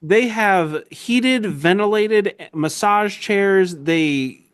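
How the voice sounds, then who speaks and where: A man's voice: high voice, extremely slow, smooth. A man co-hosting a casual podcast, teasing his friends with sarcastic remarks, on a studio podcast microphone. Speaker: podcast co-host. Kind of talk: casual banter among friends.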